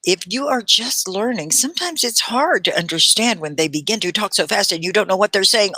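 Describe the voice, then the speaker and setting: A woman teaches English on her livestream in a lively, swooping voice that rises and falls a lot. Her tone is bright and clear, and the sound is dry and close. She chats easily, laughs often and slows right down to stress the words she wants learners to catch. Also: medium pitch, dry recording. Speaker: ESL teacher and livestream host. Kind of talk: live online English lesson.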